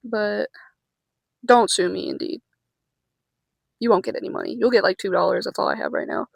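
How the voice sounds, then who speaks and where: A woman's voice: medium pitch, moderate pace, gravelly, slightly rough, dry recording, rough recording. A young woman chatting casually in a vlog, nervous and rambling, with casual swearing. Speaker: vlogger.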